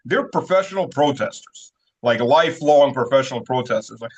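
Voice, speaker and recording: A man's voice: a little high, animated, fairly quick, dull audio. A man talking casually as an interview guest, rambling with many fillers and chuckling at his own stories. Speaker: guest, military-political commentator.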